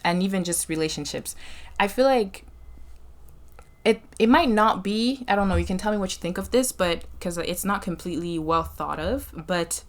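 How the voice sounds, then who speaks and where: A woman's voice: mid-range voice, normal speed. A woman hosting a podcast, offering reflective, faith-minded advice and often checking in with "right?". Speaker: podcast host. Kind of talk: casual conversation.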